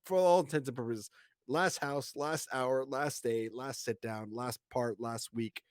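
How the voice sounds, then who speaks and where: A man hosting a podcast, chatting casually and excitably and swearing freely. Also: medium pitch, measured pace, no room sound, clean studio sound. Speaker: podcast host.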